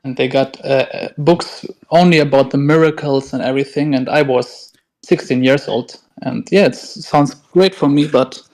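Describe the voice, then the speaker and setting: A man's voice: medium pitch, moderate pace, a little mellow. A man in his twenties calling in to a live debate show, speaking hesitantly with many fillers. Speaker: caller. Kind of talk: call-in conversation.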